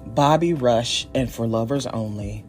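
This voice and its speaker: An unhurried bass voice, a little mellow, belongs to this podcast host, a woman in her forties from Northeast Ohio. Over faint background music she delivers a casual solo monologue, chatty and self-mocking, with plenty of laughter.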